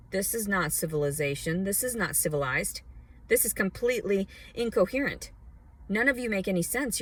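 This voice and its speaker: Outside a department store, an Arkansas woman vents into her phone in an angry rant vlog, swearing heavily and rambling in a heated way. She has a fairly low-pitched, slightly bright voice.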